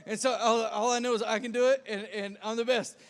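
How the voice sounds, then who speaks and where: Speaking briskly in a steady, extremely high voice, a man preaches as pastor in a big church sanctuary. His self-deprecating stories are filled with stammered restarts.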